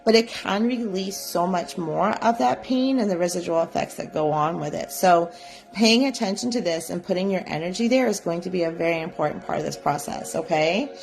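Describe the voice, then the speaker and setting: A woman teaching a live psychic development class, guiding listeners gently and often checking in with "right?". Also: on the low side, a little fast, vocal fry, soft background music. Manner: gentle, coaxing, repeats "right?". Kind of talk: guided live class instruction.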